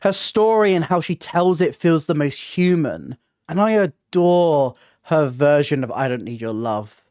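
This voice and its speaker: A woman hosting a casual review vlog as a theatre reviewer, gushing and excitable, often tripping over her words. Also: deep voice, a little slow, dry recording, clean studio sound. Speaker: theatre reviewer and channel host.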